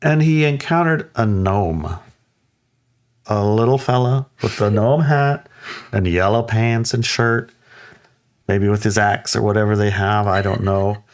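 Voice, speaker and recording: A man in casual conversation, telling a story in an animated way and acting out quoted lines. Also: on the low side, unhurried. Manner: animated, acts out quotes in raised voices, laughs often.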